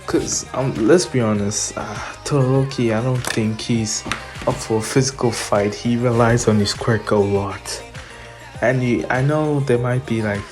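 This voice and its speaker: Slow, chatty young man telling a fan story. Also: mid-range voice. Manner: chatty, opinionated, with fillers. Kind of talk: casual what-if storytelling.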